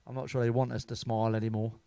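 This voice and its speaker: A man's voice: mid-range voice, level tone, rapid-fire, gravelly, warm tone, clear, resonant tone, dry recording. A middle-aged man telling crude, bawdy comic stories as a comedian. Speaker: stand-up comedian. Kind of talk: comic storytelling.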